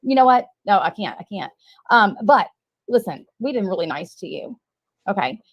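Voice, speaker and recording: A woman's voice: mid-range voice, sing-song, moderate pace, slightly rough, no echo, muffled recording. A woman on a live stream, swearing and confronting a caller in a heated argument. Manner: profane, confrontational.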